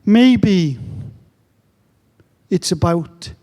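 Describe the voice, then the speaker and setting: A middle-aged man tells a story at an unhurried pace, leaving long pauses between phrases. His voice sits a little high for a man, yet it sounds mellow and soft. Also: lively intonation. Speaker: speaker telling a story. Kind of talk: slow, reflective storytelling talk.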